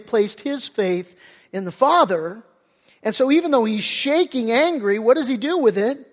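Conversational pastor preaching in a reverberant hall. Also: male voice, extremely high pitch. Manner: conversational preaching, dramatic quoted voices, many restarts. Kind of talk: sermon.

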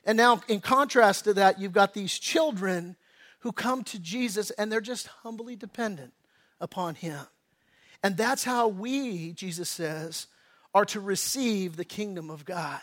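High-voiced middle-aged man preaching. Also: unhurried. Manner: conversational storytelling with lively acted-out quotes; repeats and restarts words as he talks. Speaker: pastor. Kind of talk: sermon.

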